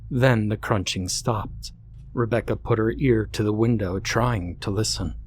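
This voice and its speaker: A man narrating a horror story in a measured, suspenseful way. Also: on the low side, a little hiss or hum.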